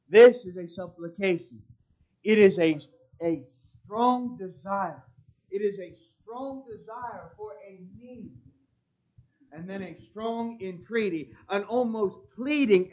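A man's voice: high voice, takes it slowly. A male pastor preaching a sermon, reading scripture in old-style wording with emphatic, swelling stress. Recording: dull lo-fi recording.

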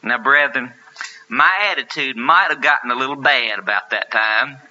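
A man's voice: mid-range voice, moderate pace, sharp tone. A man preaching a sermon, telling a story with earnest, emphatic rhetorical questions. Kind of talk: sermon with anecdote. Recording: lo-fi sermon recording.

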